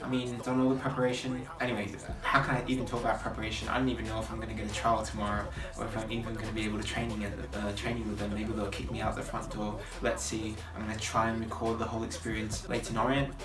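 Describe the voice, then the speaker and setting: Young man, 20s, from Australia, vlogging his plans from afar, clear music behind. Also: lowish voice. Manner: thinking aloud, chatty and hopeful. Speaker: footballer vlogger. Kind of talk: casual vlog talk to camera. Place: hotel room at night, indoors. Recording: roomy, distant camera audio with music.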